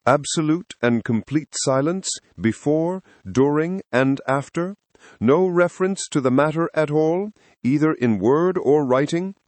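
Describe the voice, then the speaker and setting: A man's voice: a little high, a little slow, darkish tone, dry recording, pitched above the performer's own voice, natural voice. A man voicing a secretive, suspicious middle-aged colonel with a slight German accent, in an audiobook. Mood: insistent. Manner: insistent, suspicious, clipped. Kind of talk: audiobook character reading.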